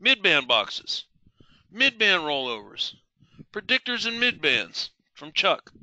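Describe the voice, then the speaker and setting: Middle-aged male webinar instructor, fairly high and very bright voice, emphatic and questioning. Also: very animated, slow, no echo. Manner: asks the audience questions, emphatic, repeats key words. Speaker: trading instructor. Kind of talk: live webinar teaching.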